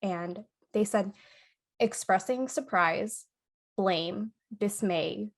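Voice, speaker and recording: A woman's voice: mid-range voice, extremely slow. A young adult woman co-hosting a podcast in casual chat, laughing often and tagging her points with "right?" and "okay?". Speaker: podcast co-host.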